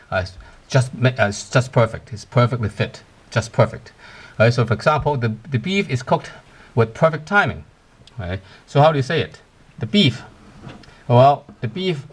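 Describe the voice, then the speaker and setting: Man teaching a lesson. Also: mid-range voice. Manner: explains step by step, many "uh" and "right?" checks; slows to spell out Cantonese words. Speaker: Cantonese teacher. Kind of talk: language lesson.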